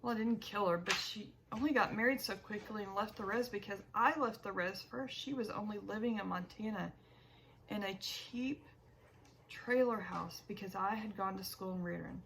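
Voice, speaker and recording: A woman reads an audiobook in the first person at a measured pace and corrects herself now and then. Her voice has a gravelly fry at mid pitch, and a faint hiss sits under the recording. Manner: measured reading with small self-corrections. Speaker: audiobook narrator.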